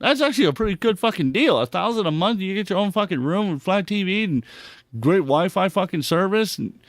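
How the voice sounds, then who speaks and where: A man hosting a podcast, reacting to clips in an excitable, heavily profane rant. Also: sits high, brisk, no echo, studio quality. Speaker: podcast host. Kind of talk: casual commentary on clips.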